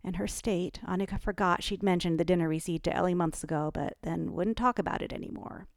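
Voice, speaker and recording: A woman with a low, gravelly voice reading a novel aloud in even, measured narration. The recording is close and dry. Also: dry recording. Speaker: audiobook narrator. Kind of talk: scripted narration.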